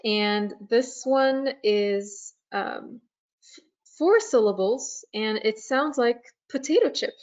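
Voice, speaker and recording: A woman on the staff of a nature preserve giving a webinar presentation, talking slowly with frequent fillers and pauses. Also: on the high side, expressive, darkish tone, lo-fi sound. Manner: slow, hesitant, many fillers.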